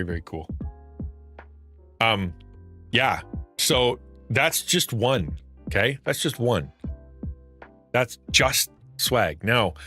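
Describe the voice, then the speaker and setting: A middle-aged man streaming, talking casually and acting out anxious thoughts with frequent laughs. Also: lowish voice. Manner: animated, acts out anxious inner thoughts, laughs often. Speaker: streamer and Christian content creator. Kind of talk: casual livestream talk.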